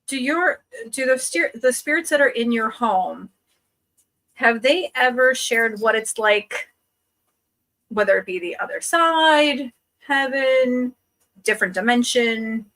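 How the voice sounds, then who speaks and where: A woman's voice: on the high side, animated, slow, pauses often, sharp tone, rough recording. A woman co-hosting a casual chat, asking questions hesitantly, with many restarts. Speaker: co-host.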